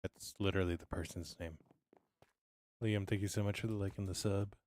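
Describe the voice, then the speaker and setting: A man talking casually to his live-stream chat while he builds in a game, mumbling and humming to himself, and clearing his throat now and then because he is sick. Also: sits low, fairly quick, a little hiss or hum. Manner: relaxed, mumbling to himself, humming filler sounds.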